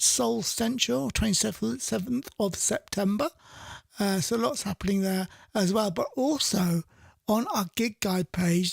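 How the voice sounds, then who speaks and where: A man's voice: very high-pitched, creaky, dry recording. A man hosting a radio music show, chatting casually, thinking aloud and correcting himself as he goes, at a studio microphone. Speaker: radio DJ host.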